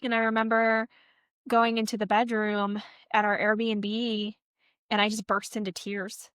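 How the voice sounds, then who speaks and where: A woman's voice: mid-range voice, level tone, unhurried, a bit bright, clear, resonant tone, dry recording. Woman, vet tech podcast co-host, candid reflective chat, dry close sound. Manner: candid, earnest storytelling; reflective, encouraging. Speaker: veterinary technician.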